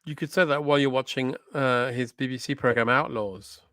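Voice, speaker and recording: A man co-hosting a comedy show, chatting casually with dry, deadpan quips. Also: mid-range voice, fairly quick, no room sound.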